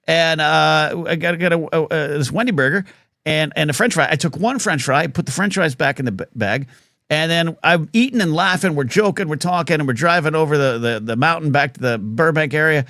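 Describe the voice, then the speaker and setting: A man's voice: a little high, a little fast, pushed and bright, no room sound, studio quality. Rambling male talk show host. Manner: rambling storyteller, many fillers and restarts. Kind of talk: casual live talk show chat.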